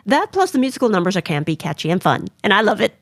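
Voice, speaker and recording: A woman co-hosting a podcast in a casual chat, sincere and quick to giggle. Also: medium pitch, sing-song, no room sound, studio quality. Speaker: podcast co-host.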